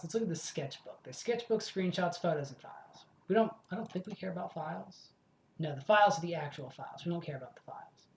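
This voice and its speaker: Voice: mid-range voice, darkish tone, echoey room. A let's play host in casual commentary, rambling, swearing freely and correcting themself as they go.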